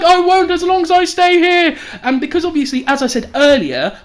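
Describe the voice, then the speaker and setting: A young woman tells a crude story in vlog style, full of swearing and loud acted-out quotes. Her voice sits a little high for a woman. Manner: sweary, animated, acts out quotes loudly. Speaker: vlogger.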